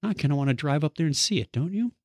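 A man's voice: fairly high pitch, expressive, quick pace, a little mellow, dry recording, clean studio sound. A man hosting a podcast in casual banter, chatty and jokey, with plenty of asides. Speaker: podcast host.

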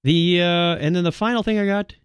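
A man's voice: sits high, fairly quick, a little hiss or hum. A man hosting a solo podcast, talking casually and rambling, with frequent restarts. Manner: rambling, with many restarts and filler words. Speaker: podcast host.

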